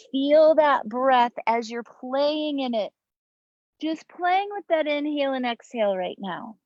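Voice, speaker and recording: A woman teaching a yoga breathing class outdoors, giving slow, soothing cues with long pauses, recorded on a camera mic. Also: high-pitched, animated, a little mellow, no echo, dull audio. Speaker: yoga instructor. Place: outdoors in the mountains. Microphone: camera mic, looking up at camera.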